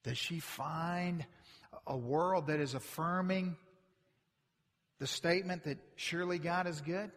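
High bright-voiced male preacher in echoing hall. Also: steady tone, a little slow, pauses often. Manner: emphatic, builds from quiet to loud. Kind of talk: sermon. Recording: long reverb from a large hall.

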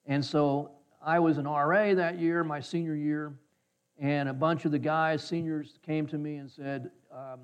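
On a slightly dull, muffled recording, a pastor preaches a sermon in a clean-toned voice on the high side, with fairly even intonation and a little slow. He tells a folksy personal story and acts out the voices of the people he quotes.

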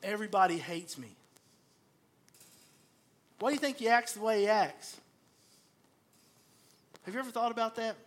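High-voiced pastor preaching. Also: male voice, brisk, pauses often. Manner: storytelling, animated, acts out quoted voices. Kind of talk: sermon.

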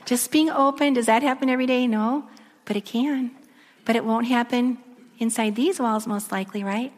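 A woman giving a sermon, telling a story and dropping to a soft near-whisper at emotional moments. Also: fairly high pitch, fairly even intonation, normal speed. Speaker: speaker. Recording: echoey long reverb of a large room.

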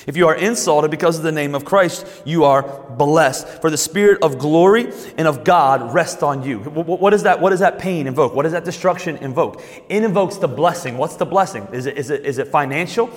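A man preaching a sermon as pastor. He repeats and restarts words, then slows down and lifts his voice to stress key points. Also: fairly high pitch, big-room sound.

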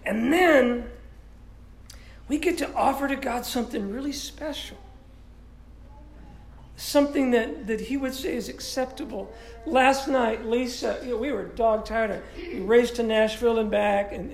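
A man with a stuffy, congested nose delivers a sermon as pastor, casual and animated, often doubling back on his words. His voice rings around a reverberant church room. A faint background ambience sits under him. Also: high voice, creaky, a little hiss or hum. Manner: animated, conversational preaching with frequent restarts. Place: church sanctuary.

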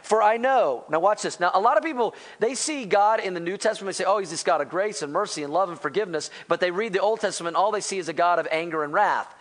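A man preaching a sermon to a church congregation, animated and conversational, acting out quoted lines and asking the congregation for responses. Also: high voice, fast, hardly any pauses. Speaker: pastor.

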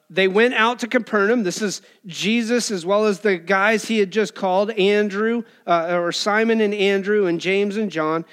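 A man preaching a sermon in a lively, casual way, acting out quoted voices with colloquial asides. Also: sits high. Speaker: pastor.

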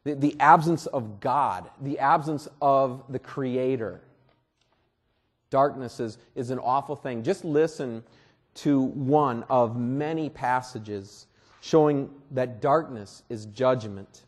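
A man preaching a sermon as pastor at a church service, earnest and deliberate, often repeating words. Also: medium pitch.

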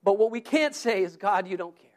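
A man's voice: sits high, animated, a little fast. A male pastor giving a conversational sermon, asking the congregation questions and often repeating his words.

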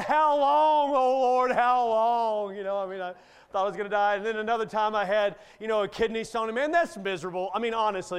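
A man's voice: very high-pitched, fairly bright tone, clean tone. A middle-aged male guest preacher delivering a sermon in a folksy, joking manner.

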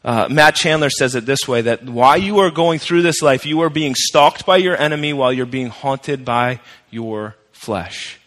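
A man's voice: medium pitch, normal speed, fairly bright tone, big-room sound. A male pastor preaching a sermon in a conversational, emphatic way, repeating his key phrases.

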